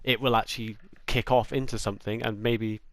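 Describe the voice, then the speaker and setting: A young man co-hosting a casual podcast from home, chatty and quick to laugh, talking over the others on an online voice chat headset. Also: fairly low pitch, steady tone, a bit bright, a little hiss or hum. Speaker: podcast co-host. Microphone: headset in an online party.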